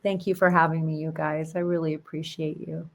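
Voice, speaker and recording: A woman's voice: deep voice, level tone, a little fast, a little hiss or hum. A middle-aged woman, a guest on a podcast, telling family stories in casual chat and laughing often. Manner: laughs often, chatty storytelling. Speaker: guest musician.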